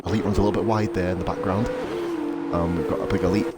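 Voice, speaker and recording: A man giving chatty, excitable live commentary on a sim racing league, calling his co-host "mate". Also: sits low, fast, over loud music. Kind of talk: live casual race commentary. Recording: loud game car noise behind.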